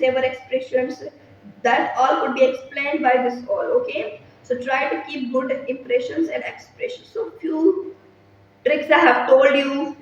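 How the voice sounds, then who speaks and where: A woman's voice: high voice, a little hiss or hum. A woman giving a spoken lesson, earnest and advisory, often checking in with "okay?". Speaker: English teacher. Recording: roomy echo, distant mic, muffled.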